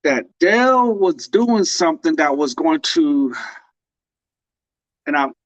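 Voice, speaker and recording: Guy co-hosting a podcast, kinda high voice, playful fake crying bits, dull dry call audio. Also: sing-song, slow, long pauses, dry recording. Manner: playful mock-tearful storytelling. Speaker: podcast co-host. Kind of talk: casual chat.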